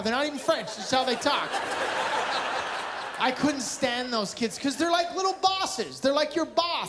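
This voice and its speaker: A man's voice: very high voice, lively intonation, normal speed, noisy background. A man doing stand-up comedy with crowd work, blunt and teasing, from Canada with a Canadian accent. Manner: sarcastic, blunt, teasing the audience. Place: large live venue with audience laughter.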